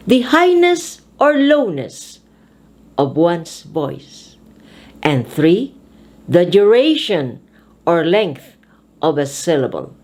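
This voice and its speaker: A woman teaching English pronunciation, speaking with deliberate, emphatic enunciation. She talks at a very slow pace. Her pitch swings widely up and down as she stresses each word. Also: a little mellow. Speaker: speech teacher and host.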